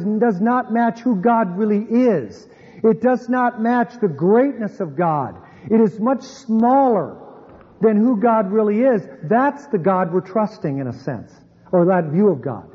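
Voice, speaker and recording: A man with a high voice preaches a sermon earnestly, sinking his voice low to stress key points. The recording sounds dull and muffled. A long reverb trails behind him in the church sanctuary. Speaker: pastor.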